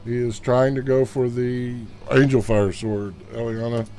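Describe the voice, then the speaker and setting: A man's voice: medium pitch, steady tone, a little slow, mellow, a little hiss or hum. A man narrating as game master of a tabletop game, mixing vivid combat description with casual rules talk.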